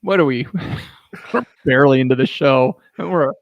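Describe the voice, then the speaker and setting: A man's voice: medium pitch, moderate pace, dry recording, lo-fi sound. A man hosting a casual podcast chat, reading out guesses with lots of fillers. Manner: reads out guesses with many fillers.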